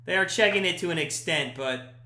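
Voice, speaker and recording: A man hosting a live watch-party stream, giving chatty play-by-play that jumps to shouts at big chances. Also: a little high, fairly quick. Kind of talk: casual watch-party commentary. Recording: echoey room.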